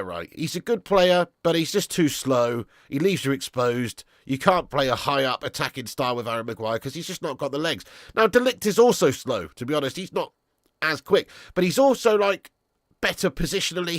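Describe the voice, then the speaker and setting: Excitable young man on a dry mic. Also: fairly high pitch, no room sound. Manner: excitable banter, swearing, laughing with chat. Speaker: livestream host. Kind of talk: casual live chat.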